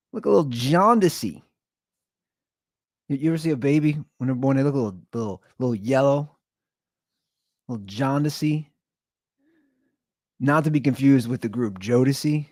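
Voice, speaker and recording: A man talks straight into a dry-sounding mic, his pitch leaping around as he rambles through jokes at his own expense. He often trips over and repeats his words. The delivery is loose, unscripted podcast chat. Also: animated, moderate pace, pauses often, no echo. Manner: rambling, joking, self-deprecating. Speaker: podcast host. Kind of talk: casual solo podcast rant.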